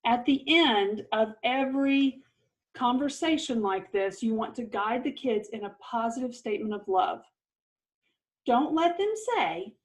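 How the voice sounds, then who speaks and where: A woman's voice: a little high, animated, measured pace, poor audio. A middle-aged woman giving an earnest, encouraging parenting lesson, with light laughs. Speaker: parenting course presenter.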